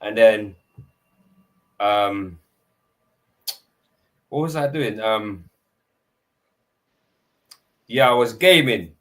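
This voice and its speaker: A man talking about football in a casual podcast chat, lively and full of slang, acting out his own reactions. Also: fairly low pitch, drawn-out words, pauses often. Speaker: podcast panelist.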